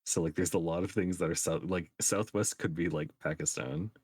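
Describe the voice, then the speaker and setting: A young man joins a stream as co-host and chats easily. His voice is very low and husky. He is heard close and dry, nodding along with quick agreeable replies. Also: fairly even intonation, a little mellow, no room sound. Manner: easygoing, agreeable, quick back-channel replies. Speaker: co-streamer guest. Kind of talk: casual stream chat.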